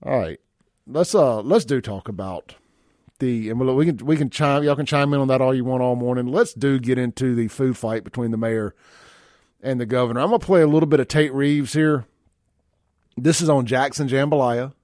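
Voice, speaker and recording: Blunt radio host, dry studio. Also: male voice, medium pitch, moderate pace, darkish tone, no echo. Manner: folksy, blunt, reads listener texts aloud. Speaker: radio talk show host. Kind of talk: casual talk radio chat.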